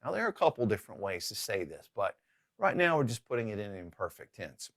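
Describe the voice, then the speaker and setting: A man's voice: on the low side, very animated, quick pace, fairly bright tone, no room sound, studio quality. A man teaching a recorded Spanish grammar lesson, upbeat and often checking in with "okay?".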